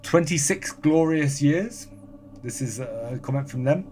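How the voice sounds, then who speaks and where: A man appearing as a podcast guest in casual chat, reading listener comments aloud in a brisk, dry, offhand way. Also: mid-range voice, lively intonation, darkish tone.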